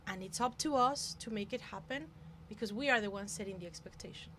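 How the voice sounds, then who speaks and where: A woman coach talking in a casual conversation, emphatic and animated, laughing often. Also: medium pitch, a little fast, slight background noise. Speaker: guest coach.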